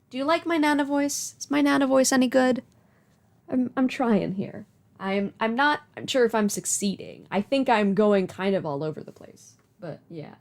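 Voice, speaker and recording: A woman's voice: medium pitch, lively intonation, normal speed, darkish tone. A woman streamer reading a webcomic aloud, with chatty, self-deprecating asides. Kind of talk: casual live reading with commentary.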